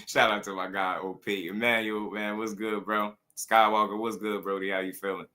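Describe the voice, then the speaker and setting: A man's voice: on the low side, level tone, normal speed, bright, forceful tone. A man hosting a boxing show in casual, playful commentary full of slang and jokes. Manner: playful, jokey, heavy slang.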